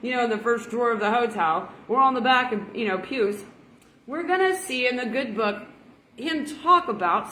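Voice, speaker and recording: A woman's voice: fairly high pitch, a bit bright, echoey room, a little hiss or hum, rough recording. Folksy woman preaching casually. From Oklahoma. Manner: chatty, rambling, laughs at her own jokes. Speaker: online preacher.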